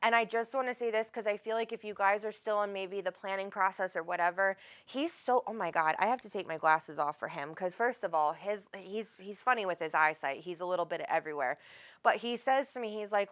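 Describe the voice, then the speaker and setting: A woman's voice: medium pitch, brisk. Woman medium doing a live reading, rambly and chatty, keeps calling people honey. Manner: chatty, affectionate, calls the caller honey; rambling, self-interrupting, casual swearing. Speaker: psychic medium host.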